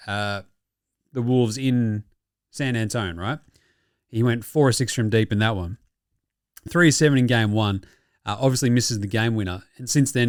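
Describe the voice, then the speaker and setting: Brief: australian male podcast host, lively swooping delivery, dry close sound, cheeky and sweary. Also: medium pitch, dry recording. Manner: animated, sweary, mock-outraged banter. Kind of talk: casual sports recap.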